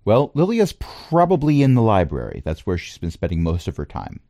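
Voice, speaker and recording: Deep-voiced male game master, lively. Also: fairly quick, no room sound, studio quality. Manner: relaxed, with many ums and playful asides. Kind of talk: narrating a tabletop game.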